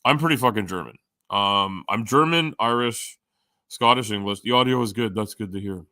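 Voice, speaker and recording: On a live stream, a man with a lowish voice chats casually at a moderate pace, reading and answering chat while he rambles, jokes, and swears often. His tone is sharp, and he leans on lots of fillers and jumps from topic to topic. The sound is clean studio audio with no room sound.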